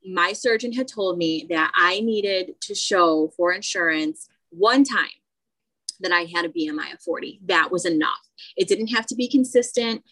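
A woman co-hosting a podcast, telling a personal story in casual chat, animated, with many restarts. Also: lowish voice, normal speed, rough recording. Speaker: podcast co-host.

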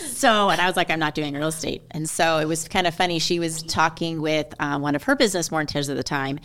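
Low-voiced woman telling family stories. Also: a little fast. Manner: animated storyteller, acts out family quotes. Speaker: guest. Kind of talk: casual storytelling chat.

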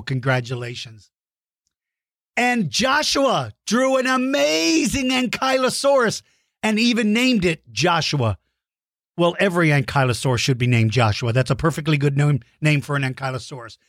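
A man hosting a children's podcast, reading out listener mail with big enthusiasm, warm praise and playful mock-outraged shouts. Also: a little high, lively intonation, moderate pace, no room sound, studio quality. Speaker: kids' podcast host.

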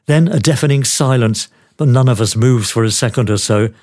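Older man, memoir storytelling, wry, dry humor, podcast host, medium pitch. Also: brisk, a little mellow.

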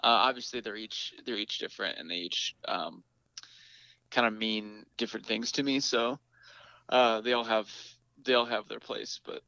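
Chatty guy, bright forceful voice, lots of ums and laughs, kinda dull lo-fi sound. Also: fairly low pitch, steady tone, moderate pace, dry recording. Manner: chatty, laughs often, many fillers and restarts. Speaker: band lead singer, guest. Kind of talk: casual interview chat.

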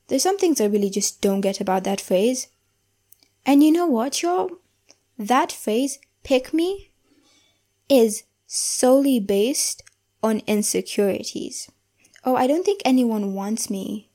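A woman's voice: a little high, animated, mellow. Earnest young woman hosting a podcast. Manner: earnest and reflective, slowing down to stress key phrases. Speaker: podcast host. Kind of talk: casual solo podcast monologue.

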